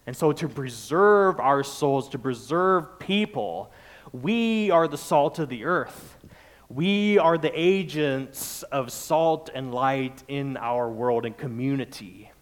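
A male pastor preaching a sermon, building his points through repeated phrases and lists. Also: mid-range voice.

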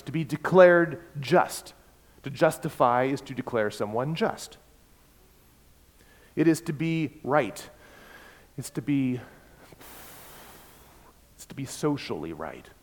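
A man preaching a sermon, emphatic and repeating key words, swinging between loud and soft. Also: on the high side. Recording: long hall reverb.

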